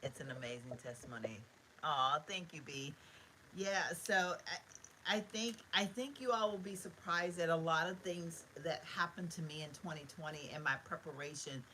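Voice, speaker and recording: A woman's voice: deep voice, normal speed, bright, forceful tone, slight background noise, poor audio. A middle-aged woman, chatting live from her bedroom to viewers in a heartfelt, rambling way. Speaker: vlogger. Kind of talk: casual live-stream chat. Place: bedroom at home.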